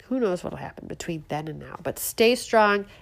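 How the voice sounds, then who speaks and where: A woman's voice: fairly low pitch, expressive, moderate pace, gravelly. A woman hosting a political opinion show, talking sarcastically and bluntly with a stuffy nose from a head cold. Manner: sarcastic, mocking, outspoken. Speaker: show host.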